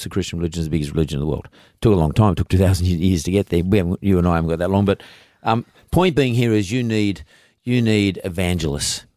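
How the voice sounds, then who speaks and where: A low, deep-voiced middle-aged man with an Australian accent, talking in an emphatic, folksy way as a podcast host. He circles back and repeats his points. The sound is close and dry, with no room echo. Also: a little mellow. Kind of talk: casual interview chat.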